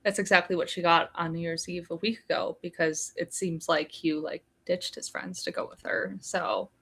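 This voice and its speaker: A woman co-hosts a live book discussion over a video call, reading passages aloud and retelling scenes in a flat way while reacting with liveliness. Her voice is lowish, gravelly and a bit breathy, at a moderate pace.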